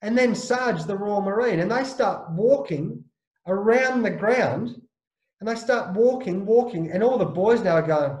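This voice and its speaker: Animated Australian man, high voice, echoey. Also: measured pace. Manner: lively, blokey, acts out the voices in his stories. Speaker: interview guest, former captain. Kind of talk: animated anecdotal storytelling.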